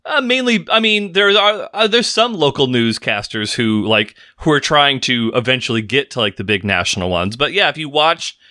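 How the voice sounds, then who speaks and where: A man's voice: medium pitch, expressive, normal speed, few pauses, bright, forceful tone. A man from the US Pacific Northwest co-hosting a podcast in casual chat, teasing dryly and explaining things at length. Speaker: podcast co-host.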